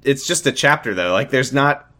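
Co-hosting a podcast, a man reads fan fiction aloud in a dry, mock-dramatic style and chats casually between lines. His mid-range voice is animated and sharp in tone, at a moderate pace.

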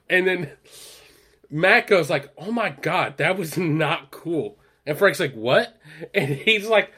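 A man co-hosting a podcast, rambling through a sitcom episode in a casual chat, with many fillers and louder acted-out quotes. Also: on the high side, moderate pace. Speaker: podcast co-host.

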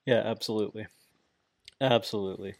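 A man co-hosting a podcast in casual chat, animated and laughing often, swearing freely. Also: fairly low pitch, brisk, vocal fry, no room sound, clean studio sound. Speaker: podcast co-host.

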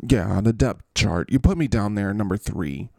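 A man's voice: fairly low pitch, lively intonation, normal speed, creaky, dark tone, no room sound, studio quality. A man playing a petulant adult quarterback who whines and sulks about being benched. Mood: whiny. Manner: whining, sulky, self-pitying.

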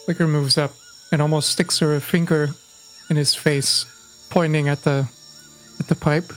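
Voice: mid-range voice, flat delivery, a little slow, a bit bright, soft background music, low-quality recording. A player describing what a character does at a tabletop game, in a wry, descriptive way.

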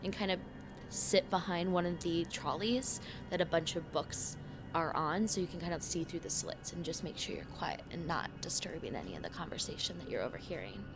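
A woman narrating a tabletop game scene as game master, relaxed and filled with ums and uhs. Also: on the low side, fairly quick, music in the background.

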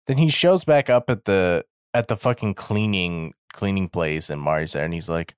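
A man co-hosting a podcast in casual chat, animated and swooping up into character voices as he recaps a show. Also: moderate pace, few pauses, clear, resonant tone, no echo, clean studio sound. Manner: animated, swings his pitch up when mimicking characters. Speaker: podcast co-host. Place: Japan.

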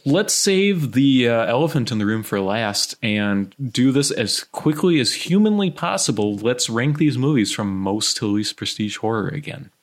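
A man talking movies with friends in a loose podcast chat. His voice moves up and down a lot, and he keeps slipping in jokes. Relaxed and playful. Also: normal speed, hardly any pauses. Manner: jokey, breaks into high silly voices. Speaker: podcast host.

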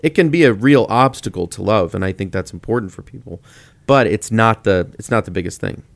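A man's voice: on the low side, a little fast, vocal fry, no room sound. A man co-hosting a casual podcast discussion on faith, talking reflectively. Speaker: podcast co-host.

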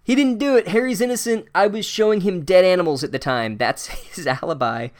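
A man voicing a big, excitable male groundskeeper who blurts things out loudly. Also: medium pitch, measured pace, lightly acted. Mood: urgent. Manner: blurting, loud.

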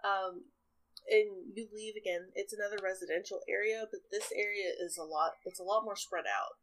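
A woman's voice: medium pitch, steady tone, normal speed, a bit bright, poor audio. A woman narrating a tabletop role-playing game as game master, chatty and rambling, often laughing.

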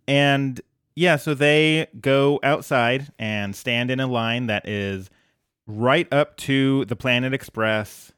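A man's voice: mid-range voice, a bit bright, clean tone, dry recording, clean studio sound. A man co-hosting a podcast, recapping a cartoon episode in casual chat with an easygoing, wry manner. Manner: wry, easygoing, quick quips. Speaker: podcast co-host.

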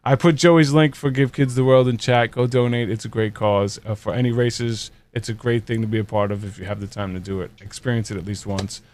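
A man's voice: medium pitch, little pitch movement, brisk, hardly any pauses, darkish tone, slight background noise. A man hosting a casual live-streamed talk show, laughing often and thanking his guests and chat. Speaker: host.

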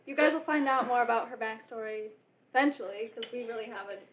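A woman's voice: on the high side, fast, slight background noise. Giggly chatty woman, tinny sound. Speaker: tabletop game player. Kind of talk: casual group chat about a campaign.

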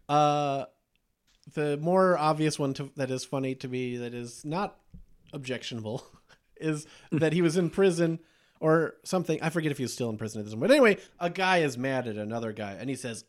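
Man, podcast host, casual movie chat, laughs often, slightly high voice. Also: normal speed. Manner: laughs often while retelling scenes.

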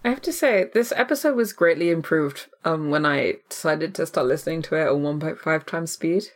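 A woman's voice: sits low, a little fast. A woman chatting casually on a podcast, blunt and swearing often.

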